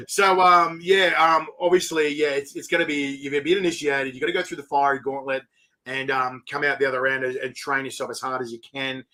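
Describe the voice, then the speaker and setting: Excitable Australian man hosting. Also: mid-range voice, a little fast. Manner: excitable, rambling with many fillers. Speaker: host. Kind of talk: casual interview chat. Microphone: video call.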